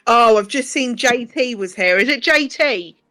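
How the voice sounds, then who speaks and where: A woman's voice: fairly high pitch, expressive, normal speed, sharp tone. A young woman chatting casually on a live stream as co-host, laughing often and swearing now and then. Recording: faint music behind.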